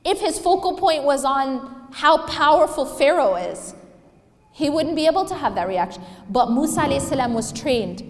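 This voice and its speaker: A woman's voice: sits high, very animated, moderate pace. A woman giving a religious talk to a live audience, emphatic and asking them questions. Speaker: Islamic speaker. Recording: echoey hall with long reverb.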